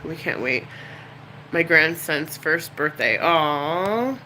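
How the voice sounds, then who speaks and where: A woman's voice: deep voice, animated, slow pace, pushed and bright, slight background noise, low-quality recording. A middle-aged woman chatting casually and candidly on a live stream, rambling and emotional. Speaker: YouTuber.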